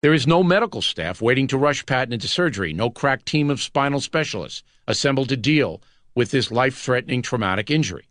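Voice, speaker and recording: A man narrating a nonfiction audiobook with a measured, dramatic delivery. His voice sits at an ordinary middle pitch. The recording is dry and close, with no room sound. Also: a bit bright, no echo. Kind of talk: scripted narration.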